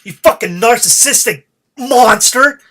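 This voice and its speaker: A man's voice: extremely high pitch, animated, measured pace, bright, forceful tone, husky. A man hosting his own podcast, delivering a profane, fired-up solo rant. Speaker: podcast host.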